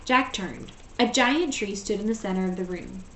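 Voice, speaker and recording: A woman teacher reading a storybook aloud in a steady, gentle way. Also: mid-range voice, moderate pace. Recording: echoey room, voice far from mic.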